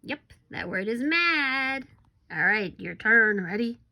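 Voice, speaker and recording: In this recorded phonics lesson for little kids, the woman's voice is a little high, animated and bright, with a forceful tone. She goes slowly and encouragingly, occasionally whispering to build suspense.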